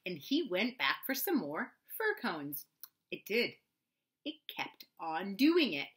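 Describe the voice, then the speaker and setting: A woman reads a children's storybook aloud, telling it gently and expressively. Her voice is bright and clear, with a pitch that moves in a lively way. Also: takes it slowly. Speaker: audiobook reader. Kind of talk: storybook narration.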